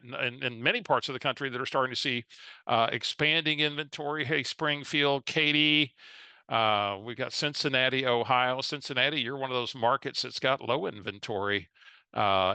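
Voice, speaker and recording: A man leads a lively coaching webinar over a video call. His voice is bright and forceful. The sound is dry and close, with no room in it. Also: mid-range voice, no echo. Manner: energetic, chatty, reads audience chat aloud. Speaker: real estate coach. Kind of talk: live webinar presentation.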